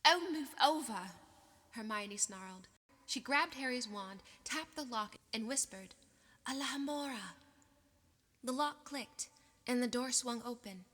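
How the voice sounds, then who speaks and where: Slow, bright-voiced woman audiobook reader. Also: a little high. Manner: measured, expressive reading. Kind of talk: audiobook narration. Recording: long reverb.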